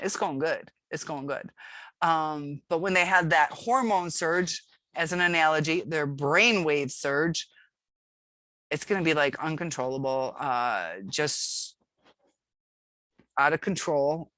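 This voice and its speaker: A woman hosting her own channel talks straight to her viewers in a loose, rambling way, full of ums and restarts. Her voice sits low. The recording is dry, with no room sound. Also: fairly bright tone, no room sound. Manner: rambling, many fillers and restarts, candid. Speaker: channel host. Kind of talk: casual talk to camera.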